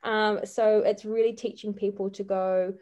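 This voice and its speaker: A woman's voice: mid-range voice, level tone, normal speed, mellow. Woman. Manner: earnest, many fillers and restarts. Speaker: guest life coach. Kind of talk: casual interview chat.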